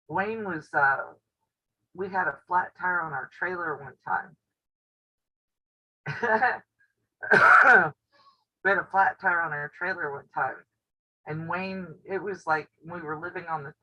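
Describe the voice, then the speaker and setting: A woman's voice: fairly low pitch, husky. Lady rambling thru stories on her live stream at home, laughs a lot, kinda muffled lo-fi sound. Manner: chatty storyteller who laughs often. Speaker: quilting channel host. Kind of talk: casual live-stream chat. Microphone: camera on a table. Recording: dull lo-fi audio.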